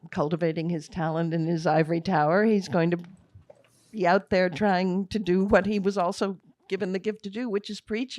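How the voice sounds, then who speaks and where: An older woman speaks in a post-screening Q&A, recounting memories in a halting, emotional way. Her voice sits at a middle pitch, and the sound is dry and close. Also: a little mellow, no echo. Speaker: film director. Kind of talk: Q&A after a screening.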